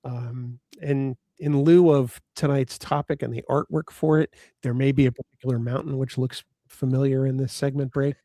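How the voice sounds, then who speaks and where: A man's voice: mid-range voice, flat delivery, normal speed, hardly any pauses, dark tone, dry recording, clean studio sound. A man co-hosting a live fan show in casual chat, greeting viewers in the chat and joking around. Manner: chatty, reads out chat names, joking. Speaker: podcast co-host.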